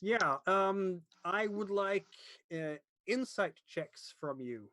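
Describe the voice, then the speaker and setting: Man, game master, halting narration, slightly high pitch, dry sound. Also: animated, bright, forceful tone, no echo. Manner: halting, searching for words.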